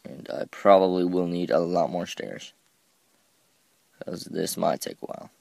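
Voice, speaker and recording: Low, gravelly man rambling over gameplay. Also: unhurried, darkish tone, dry recording. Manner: rambling, self-mocking, stumbles over words. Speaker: gameplay commentator. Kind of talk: casual game commentary.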